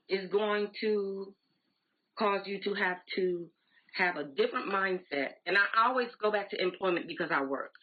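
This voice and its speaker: Brief: emphatic, conversational woman, 40s, on a tinny live stream, a bit husky. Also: medium pitch. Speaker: direct sales team leader. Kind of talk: motivational live-stream talk. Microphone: phone or laptop live stream. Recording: tinny phone-like audio.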